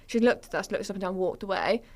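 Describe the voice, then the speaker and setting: A young woman from Wales hosts a relaxed podcast chat. She talks in a chatty, storytelling way and giggles often, with a voice pitched in the middle range for a woman. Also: rapid-fire. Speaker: podcast host. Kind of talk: casual chat.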